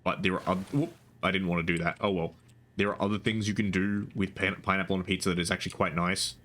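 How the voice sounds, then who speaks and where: A man's voice: deep voice, steady tone, fast talker, fairly bright tone. A young man streaming live, chatting casually and rambling with frequent restarts and casual swearing.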